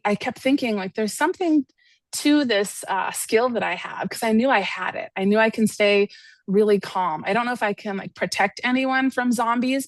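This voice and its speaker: A woman's voice: medium pitch, dry recording. A woman therapist telling a candid personal story as a guest, talking casually with many fillers.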